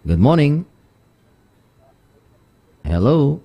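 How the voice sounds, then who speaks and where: A man's voice: a little high, very animated, very slow, gravelly, warm tone, husky. A man hosting a call-in radio talk show, greeting listeners in many places and signing off. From Saint Lucia.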